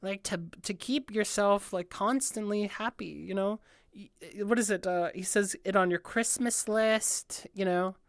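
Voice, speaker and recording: A woman's voice: mid-range voice, measured pace, no echo, clean studio sound. A woman streamer giving a casual improvised breakdown of an album, rambling with lots of filler words and free swearing.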